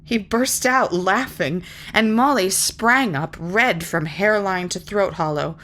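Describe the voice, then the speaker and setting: A woman reading a fantasy novel aloud in measured, lyrical narration. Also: mid-range voice, fairly bright tone. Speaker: reader. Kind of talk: audiobook narration.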